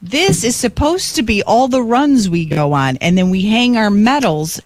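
Lively woman co-host, voice swings all over the place, lots of laughs, dry close sound. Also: moderate pace, no room sound. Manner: animated storyteller, laughs often, voice jumps high. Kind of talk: casual chat. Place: home studio in a basement.

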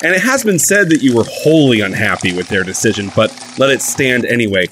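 A man's voice: medium pitch, expressive, fairly quick, noisy background, natural voice. A man voicing a nervous young interviewer in a comedic audio drama, polite and prone to stammering. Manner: polite, stammering, easily rattled. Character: nervous young male interviewer of magical folk.

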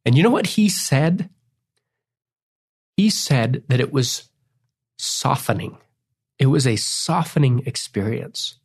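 A middle-aged man talks with earnest feeling and tears close to the surface, a cellist sharing family stories on a faith podcast. His voice sits at an ordinary pitch. He drifts into tangents and apologizes for getting weepy. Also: sing-song, takes it slowly, vocal fry, long pauses, slightly rough. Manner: tearful, tangent-prone, earnest. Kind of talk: emotional interview storytelling.

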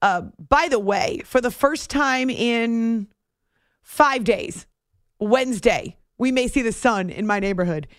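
A woman's voice: fairly high pitch, slow, dry recording. A woman hosting a late-night sports radio show in a studio, playful and teasing, laughing often and a bit giddy from lack of sleep. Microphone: studio mic.

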